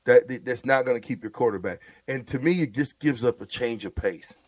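A man co-hosting a sports radio show, talking football in an animated, repetitive, coaching way. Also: medium pitch, brisk, no room sound. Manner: animated, repeats words, coaching tone. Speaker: sports radio co-host, former player. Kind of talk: casual sports talk.

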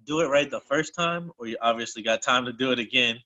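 A man with a bright, forceful voice tells a story in a loose, rambling way, a little short of breath, often restarting his sentences. The sound is dull and lo-fi, like audio from a call. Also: mid-range voice, fast. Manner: loose, rambling, self-correcting. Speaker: group call participant. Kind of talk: casual personal storytelling.

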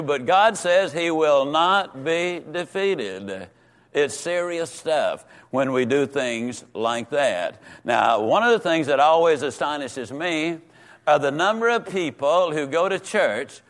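A man's voice: on the high side, lively intonation, fairly bright tone. Emphatic man teaching Sunday school. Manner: emphatic, slows on key words, repeats for stress. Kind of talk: folksy Bible lesson.

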